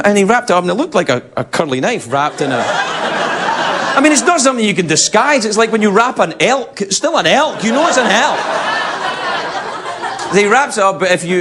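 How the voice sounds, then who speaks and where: A man's voice: high-pitched, expressive, fairly quick. A man with a Scottish accent telling a rambling comic anecdote on a talk show, laughing through his lines. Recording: live studio with audience laughter and noise. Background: studio audience.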